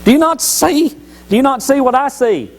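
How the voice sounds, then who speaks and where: A man voicing a talking male donkey who pleads in high, baffled questions. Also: lively intonation, normal speed. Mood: incredulous.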